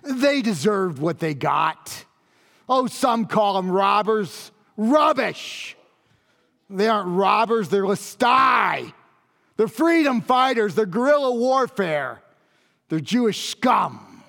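A grave Roman centurion, voiced by a man, pours out his awe in a high, unhurried voice. He pleads and circles back on his own words for emphasis. The sound trails off in the long echo of a large hall. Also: sing-song, gravelly, a bit bright, full character voice. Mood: solemn, awed. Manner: intense, pleading, repeats phrases for emphasis. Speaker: monologue performer. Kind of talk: dramatic first-person monologue.

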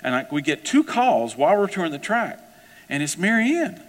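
A man preaching a sermon, telling a personal story in a conversational, animated way. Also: high voice, normal speed, in a large hall. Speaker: pastor.

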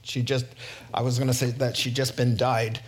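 Preaching over a noisy background, a mid-range male pastor tells his sermon stories with lively energy. He chuckles a lot and alternates quick side remarks with slow, weighty phrasing.

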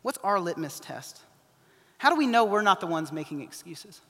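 A high, bright male voice delivers an impassioned sermon that swings between loud urgency and hushed pleading. The sound carries a long reverb, as in a large church hall. He speaks as a pastor addressing his congregation. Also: sing-song, normal speed.

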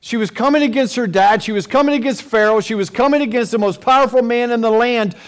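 High-pitched male preacher; vivid, dramatic Bible storytelling. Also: fast. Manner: dramatic, storytelling, with rising and falling intensity. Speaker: pastor. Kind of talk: sermon.

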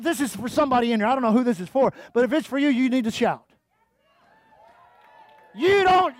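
A male pastor preaching with fervor and calling out to his congregation. His voice sits very high for a man. The sound is dry, with almost no room echo. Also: a bit bright. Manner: fervent, calls out to the congregation; reads scripture aloud. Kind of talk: sermon.

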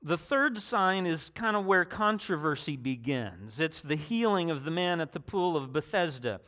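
A man's voice: a little high, big pitch swings, moderate pace, bright, forceful tone. A man preaching a sermon in a conversational way, restarting phrases and adding personal asides.

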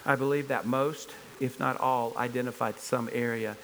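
A man's voice: mid-range voice, fairly even intonation, normal speed, creaky, fairly bright tone, a little hiss or hum, rough recording. A man preaching a sermon to a congregation in church, earnest and emphatic, driving his points home with repeated rhetorical questions. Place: church service before a congregation.

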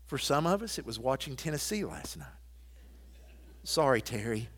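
A man preaching a sermon, quoting scripture and hymn lines and moving from loud emphatic declarations to soft, intimate asides. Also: medium pitch, sing-song, moderate pace. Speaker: pastor.

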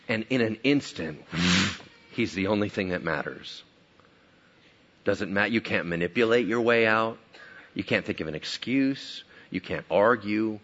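A man preaching a sermon, animated, acting out the people in the story as he goes. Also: fairly low pitch, normal speed, muffled recording. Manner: animated, acts out biblical characters. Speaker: pastor.

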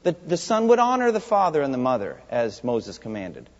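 A man's voice: mid-range voice, wildly swooping pitch, a little fast. A man preaching an expository sermon in a church sanctuary, emphatic and putting rhetorical questions to the congregation. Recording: long hall reverb, dull lo-fi sound.

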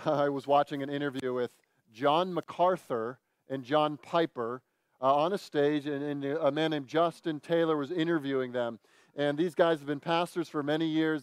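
A man's voice: on the high side, no room sound. A man preaching a sermon to his congregation in an earnest way, now and then acting out what his listeners might say. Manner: earnest, with animated acted-out quotes. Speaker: pastor.

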